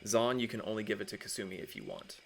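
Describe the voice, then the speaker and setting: A man's voice: fairly low pitch, big pitch swings, fast, gravelly, faint music behind. A man narrating as game master of a tabletop game over a voice call, loose and casual, with fillers and the odd curse.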